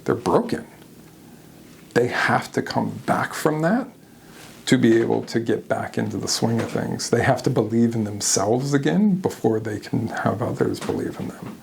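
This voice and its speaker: A man speaking as an interview guest, candid and animated, often laughing at himself as he tells his own story. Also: mid-range voice, normal speed, gravelly, slight background noise.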